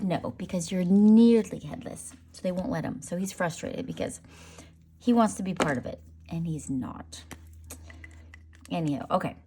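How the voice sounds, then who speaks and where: A woman's voice: lowish voice, warm tone, a little hiss or hum. A woman leading a casual drawing tutorial, chatty and playful, making silly sound effects as she draws. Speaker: art teacher.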